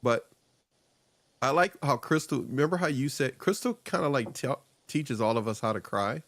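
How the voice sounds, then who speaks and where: A middle-aged man hosting a casual talk show, rambling and animated, laughing often and acting out quotes in other voices. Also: mid-range voice, moderate pace. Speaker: show host.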